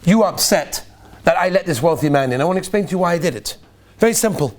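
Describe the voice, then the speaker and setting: Man doing a calm old Rebbe, lower and softer, patient explaining. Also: fast. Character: wise, gentle elderly Hasidic Rebbe explaining kindly.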